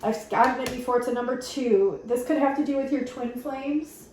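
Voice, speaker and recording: A woman giving a channeled spiritual card reading, earnest and gently giggly, reading card messages aloud. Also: sits high, moderate pace. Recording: very echoey room with faint noise.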